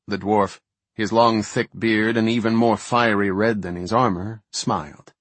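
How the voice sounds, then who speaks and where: A man reads a fantasy novel aloud in a steady storytelling voice. His tone is low and slightly husky. The recording is close and dry, with no room sound. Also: measured pace, no echo. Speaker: audiobook narrator.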